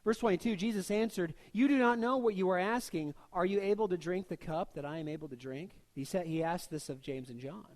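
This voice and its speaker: A man preaching a sermon in a conversational, joking way, reading scripture and slipping into quick voiced asides. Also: sits high. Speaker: pastor.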